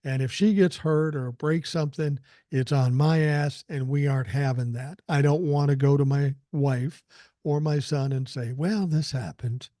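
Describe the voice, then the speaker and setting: A man's voice: fairly high pitch, fairly even intonation, moderate pace, warm tone, no room sound. An older man hosting a podcast, telling blunt, profane stories in casual chat. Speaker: podcast host. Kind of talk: casual commentary.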